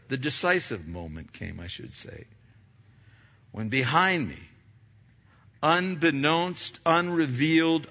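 A man tells a story from the pulpit, stumbling and repeating words as he builds it up. His voice is bright and forceful and sits a little high for a man. The recording sounds slightly dull and lo-fi. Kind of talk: sermon storytelling.

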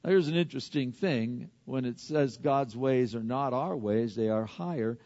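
A man preaching a sermon, swinging between loud emphatic peaks and quiet hushed asides. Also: mid-range voice, moderate pace. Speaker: pastor. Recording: dull lo-fi sound with long hall reverb.

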